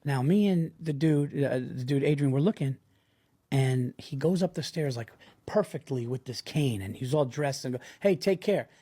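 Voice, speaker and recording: A man's voice: mid-range voice, moderate pace, breathy edge. A man who works as a stand-up comedian, telling a story in a loose, profane way with lots of restarts. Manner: animated, profane, frequent restarts. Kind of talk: casual storytelling.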